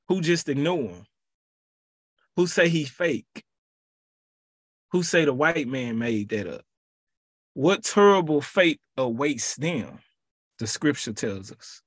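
A man leading a podcast Bible study who preaches in a lively, colloquial way and repeats his phrases for emphasis. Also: a little high, slow pace, pauses often, no echo, studio quality.

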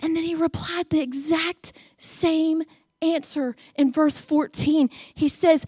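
A woman's voice: high voice, steady tone, takes it slowly, darkish tone, no echo, studio quality. A woman preacher delivering a sermon, talking conversationally and asking her congregation direct questions.

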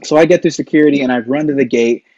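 A man's voice: mid-range voice, quick pace, a little mellow, dry recording. A man, a podcast guest, telling stories in a casual, rambling way, full of fillers and restarts. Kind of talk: casual storytelling. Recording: dull lo-fi dry sound.

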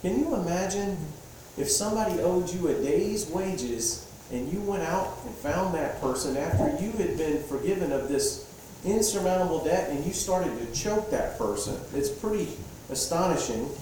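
A man's voice: on the high side, moderate pace, hardly any pauses, slight background noise. Male pastor preaching in an echoey hall. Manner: relaxed, asks the congregation questions. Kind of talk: conversational sermon. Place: church hall with a congregation. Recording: echoey hall, distant mic.

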